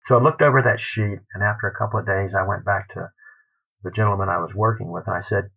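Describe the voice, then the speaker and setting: A man, a literary scholar, telling an anecdote in a podcast interview, animated and acting out the quotes. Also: fairly low pitch, quick pace, vocal fry, slightly rough, poor audio. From United States.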